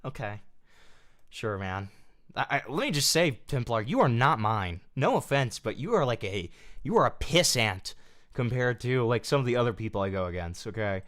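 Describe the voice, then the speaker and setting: A male streamer reacts to a clip in a sarcastic, mocking tone. His pitch swings up and down freely as he talks, lively and animated. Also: moderate pace. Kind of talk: live-stream commentary.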